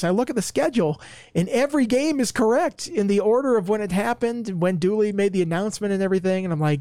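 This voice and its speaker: Male podcast guest, a chatty reporter with a fairly high voice, recorded dry. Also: warm tone, no echo. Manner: chatty storyteller, quick asides. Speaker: sports reporter. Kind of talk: casual podcast chat.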